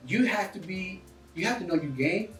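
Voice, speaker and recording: A man's voice: sits high, expressive, moderate pace, a bit bright, reverberant, recorded from a distance, soft background music, low-quality recording. A man with a foreign accent, English not his first language, talking energetically in a casual interview and coaching listeners, often calling people dude and bro. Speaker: real estate investor guest.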